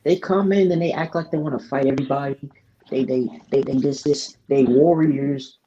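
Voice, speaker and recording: A man's voice: medium pitch, fairly even intonation, normal speed, warm tone. A man venting with frustrated, profane talk as a podcast co-host. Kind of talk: casual podcast chat. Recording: dull lo-fi audio with faint noise.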